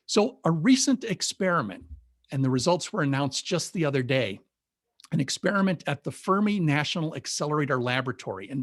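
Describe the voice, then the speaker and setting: A man with a fairly high voice gives an informal public science talk over a video call from a home or office webinar, explaining things methodically and with enthusiasm. The audio is dry and clean, captured on a video call mic.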